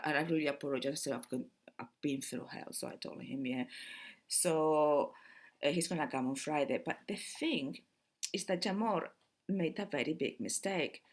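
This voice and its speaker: A woman's voice: sits low, creaky. A middle-aged woman talking casually to camera as a vlogger, chatty, laughing often and restarting her sentences.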